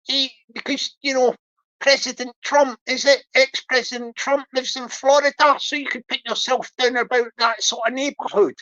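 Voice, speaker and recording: A woman's voice: high-pitched, steady tone, moderate pace, fairly bright tone. A woman hosting a livestream in a chatty, giggly and playful way. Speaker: livestream host. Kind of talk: casual livestream chat. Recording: dull lo-fi stream audio.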